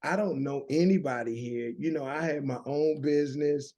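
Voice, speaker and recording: On an interview show, a middle-aged man from the U.S. with a Southern drawl earnestly tells his story, often backing up to restart. His voice is mellow and fairly high-pitched, and he talks at a moderate pace.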